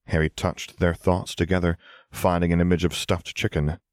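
Brief: man, very deep voice, calm measured audiobook narration, dry close sound. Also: dry recording.

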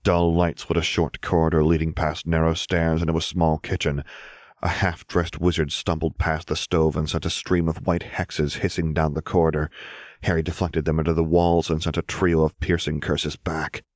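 A man reading story narration in a steady, measured voice. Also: very deep voice, no echo, clean studio sound. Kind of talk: scripted narration of fan fiction.

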